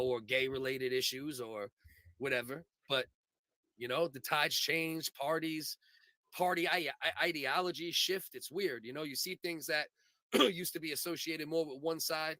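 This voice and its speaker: A podcast host rambles through his opinions, swearing freely. His voice is a touch high and bright and forceful. The sound is dry and close. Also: no room sound. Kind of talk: casual comedy podcast chat.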